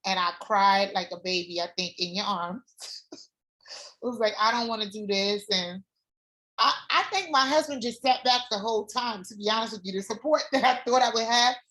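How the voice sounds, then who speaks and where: A woman guest telling her own story in a casual chat, candid and animated, swearing freely. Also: a little high, normal speed. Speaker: former doula client, guest.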